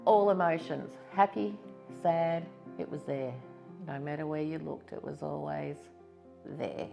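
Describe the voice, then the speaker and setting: A low-voiced Australian woman in her fifties speaks with a gravelly edge. She tells her own story in a candid, reflective testimonial, with soft music faintly underneath. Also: measured pace. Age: 50s. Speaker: stroke survivor giving testimony. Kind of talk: personal testimonial interview.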